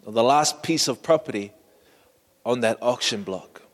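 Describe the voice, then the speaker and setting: A man preaching a sermon, painting a vivid scene slowly and inviting listeners to imagine it. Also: mid-range voice, animated, big-room sound. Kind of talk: storytelling sermon.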